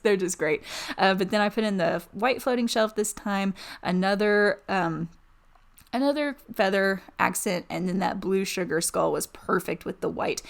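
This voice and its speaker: A woman's voice: on the low side, vocal fry. A woman giving casual, chatty voice-over commentary on a game build, gushing and rambling with many fillers. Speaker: Sims building YouTuber.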